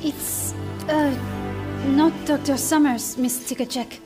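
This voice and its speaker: An actress playing a shy, gentle young woman who speaks hesitantly. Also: high-pitched, fairly even intonation, over music. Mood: flustered. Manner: hesitant, halting. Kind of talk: game cinematic acting.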